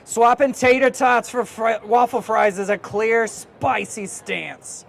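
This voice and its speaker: A man voicing a cranky but caring old-school male newspaper editor in a gruff, clipped put-on accent, reading chatbot replies aloud in character. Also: very high-pitched, fairly even intonation, slow pace, exaggerated voice.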